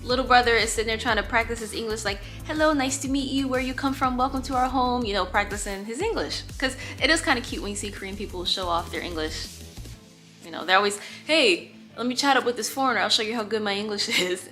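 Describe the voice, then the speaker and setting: Animated young woman telling a story. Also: mid-range voice, fast, soft background music. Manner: animated, acts out quotes, casual swearing. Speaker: storytime vlogger. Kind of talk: casual storytelling.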